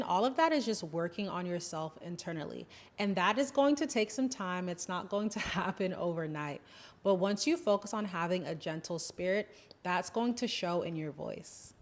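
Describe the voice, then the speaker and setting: A woman speaking as a lifestyle coach in an advice vlog, calm, gentle and instructive. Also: mid-range voice.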